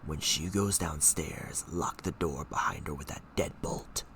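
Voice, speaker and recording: A man voicing a sinister inner voice that urges murder, in a slow, hushed half-whisper. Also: extremely low pitch, a little hiss or hum, voice pushed down, exaggerated voice. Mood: menacing. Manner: slow and menacing.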